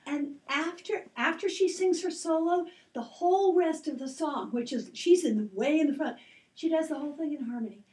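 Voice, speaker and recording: A woman's voice: high-pitched, normal speed, darkish tone. A woman telling a casual anecdote among friends, chatty, with lots of "like" and self-corrections. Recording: roomy sound from a distance.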